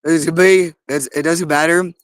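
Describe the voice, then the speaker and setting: Agitated, cursing man, rather high voice. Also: steady tone, normal speed, no echo. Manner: agitated, profane, repetitive. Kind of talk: rambling monologue to camera.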